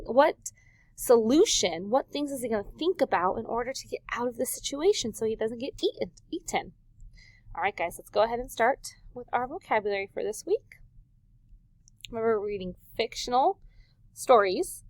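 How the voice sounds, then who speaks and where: Woman teacher for a children's vocab video, lively and question-led, slightly high voice, dry recording. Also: no room sound. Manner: animated, questioning, stretches words for emphasis.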